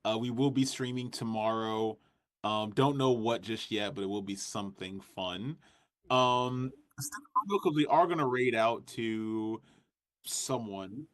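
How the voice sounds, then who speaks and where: A man's voice: lowish voice, a little slow. A man hosting a livestream, chatting casually and loosely, with many fillers as he thanks viewers. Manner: relaxed, full of fillers and restarts. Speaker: streamer host.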